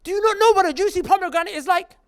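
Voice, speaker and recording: A man's voice: extremely high pitch, rapid-fire, voice pushed up. A man voicing a rich male garden owner, indignant and demanding, during a story in a sermon. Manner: exasperated, demanding questions.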